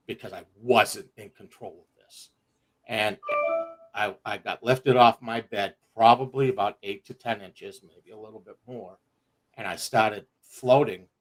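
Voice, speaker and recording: Profane storytelling man. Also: lowish voice. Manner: animated, profane, laughs through his story. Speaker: livestream guest telling a personal story. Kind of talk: casual storytelling.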